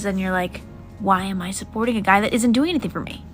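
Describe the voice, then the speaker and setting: A woman's voice: medium pitch, fast talker, loud music behind the voice. A woman in a sneering, mocking monologue that drops at times to a whisper.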